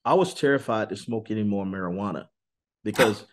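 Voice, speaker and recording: Seated for an interview, this man offers an intense, heartfelt testimony as the guest. Key words get drawn out, and at times his voice abruptly climbs higher and louder.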